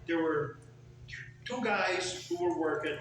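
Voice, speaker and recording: An older man in his seventies swaps lively farm anecdotes in a relaxed group chat. His voice sits high and sounds bright, and it is picked up from a distance. The room is very echoey, with a faint hiss behind him. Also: takes it slowly. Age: 70s. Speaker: group member. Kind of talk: casual storytelling. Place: community center meeting room.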